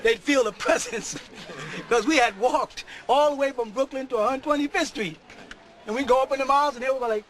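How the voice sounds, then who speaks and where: A middle-aged man preaching a sermon to a live audience, often shouting and laughing. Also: very high voice, brisk, low-quality recording.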